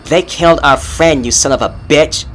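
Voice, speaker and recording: A man's voice: a little high, normal speed, fairly bright tone, slight background noise, voice pushed up, close to an everyday voice. A man voicing a fierce young woman. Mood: furious. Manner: snapping, fierce. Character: young woman, furious and grieving. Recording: music playing underneath.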